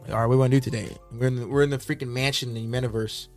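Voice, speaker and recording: Fast, excitable crypto co-host man. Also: mid-range voice, soft background music. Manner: excitable, jokey interjections. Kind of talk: casual chat.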